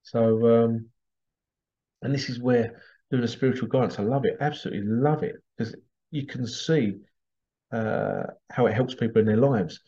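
Chatty man, dark husky voice. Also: mid-range voice, normal speed. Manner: chatty, laughs often, acts out quoted voices. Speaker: psychic medium host. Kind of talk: casual monologue on a podcast. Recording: dull lo-fi sound.

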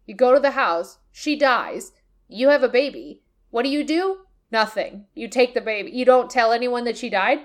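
A woman with a fairly high voice co-hosts a podcast. She recaps a video game in a ranting, exasperated way. She swears freely and talks casually. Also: animated, moderate pace. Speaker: podcast co-host.

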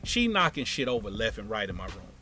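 A man telling a wild story from his past in casual, profane speech, dropping to a hush and then rising loud. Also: fairly low pitch, fairly quick, faint music behind. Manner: animated, profane, swings from hushed to loud.

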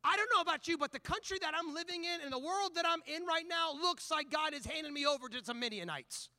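A man preaching a sermon, telling a personal story in an animated, conversational way before turning to scripture. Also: extremely high pitch, quick pace, dry recording. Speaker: pastor.

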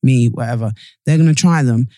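A man's voice: mid-range voice, brisk, mellow, no echo. A man co-hosting a casual podcast, rambling and self-interrupting, a little chesty. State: slightly chesty. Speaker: podcast co-host. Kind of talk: casual chat.

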